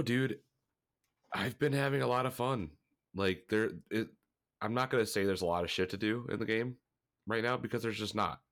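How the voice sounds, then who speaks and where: On a gaming podcast, this co-host rambles casually with a slightly stuffy voice, cursing freely and laughing a lot. His voice sits lowish with a fairly bright tone.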